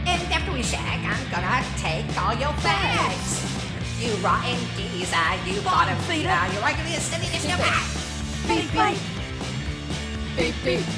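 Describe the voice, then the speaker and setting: A crude punk rocker woman with a put-on British accent sneers and shouts her chants, played by a woman. Her pitch leaps around wildly. The voice rings in an echoey space over loud music.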